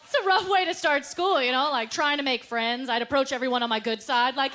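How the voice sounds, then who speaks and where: A woman doing a stand-up comedy set, animated and laughing through her punchlines as she acts out quoted voices, recorded live on a club stage with a handheld mic. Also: high-pitched, fairly quick, hardly any pauses, over a noisy crowd. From Canada. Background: audience laughter and room noise.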